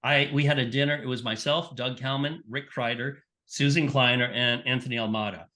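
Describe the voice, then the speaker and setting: A man's voice: medium pitch, fairly quick. A middle-aged man, a sports nutrition scientist, telling stories as a podcast guest and acting out the people he quotes. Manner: animated storyteller, acts out quoted people. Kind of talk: casual interview storytelling.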